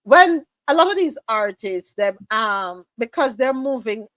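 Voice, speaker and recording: A woman's voice: a little high, lively intonation, a little slow, a bit bright, dry recording. A woman with a Jamaican accent chatting casually and animatedly, laughing as she imitates ways of speaking. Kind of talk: casual chat.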